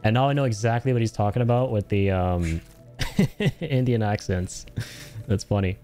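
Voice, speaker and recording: Brief: young Canadian male streamer, low-pitched, relaxed and profane, faint music under. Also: moderate pace. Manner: laid-back, swears, chats with viewers. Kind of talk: casual gaming stream chat.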